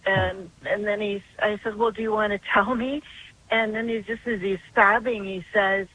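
A woman's voice: medium pitch, steady tone, moderate pace, fairly bright tone, slight background noise, poor audio. An older woman calling in to a talk show, telling a long story earnestly and in a rambling way. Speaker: caller. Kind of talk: phone-in call.

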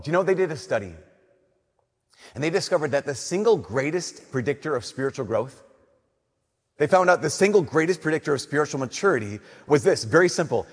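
A young man, a Catholic priest, giving an earnest, conversational homily that drops to soft emphasis. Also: fairly high pitch, animated, fairly quick, slightly rough. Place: church. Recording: long church reverb.

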